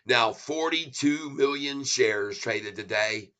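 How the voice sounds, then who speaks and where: Brief: male livestream host, bright and forceful tone, excitable, rambling chat with viewers, chuckles a lot. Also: mid-range voice, unhurried, few pauses. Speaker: stock market livestream host.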